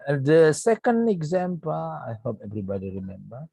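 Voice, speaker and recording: In this poor-quality recording with no room sound, a native Indonesian man speaks English with an Indonesian accent in a voice that sits on the high side, very animated, gravelly, dark and husky. He's giving a recorded online grammar lesson to his students. His explanations are slow and deliberate, full of repetition and frequent "yeah"s.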